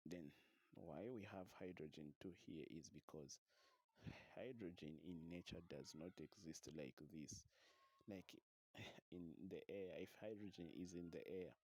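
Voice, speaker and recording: Deep-voiced guy teaching chem online, keeping it quiet cause he's got a cough. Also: no room sound. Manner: low and soft-spoken, deliberately quiet. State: unwell with a cough. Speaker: chemistry teacher. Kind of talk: online revision lesson.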